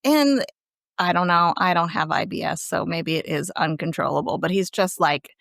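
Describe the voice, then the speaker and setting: A woman's voice: fairly low pitch, normal speed, vocal fry, no room sound, clean studio sound. A woman guest on a podcast, retelling episode scenes in a casual, chatty way. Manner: lively, chatty storytelling. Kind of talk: casual recap chat.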